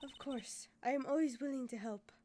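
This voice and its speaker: A woman voicing a calm, mysterious foreign woman singer in a game playthrough, speaking softly and with measured care. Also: sits high, slight background noise, lightly acted. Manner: soft, slow and measured.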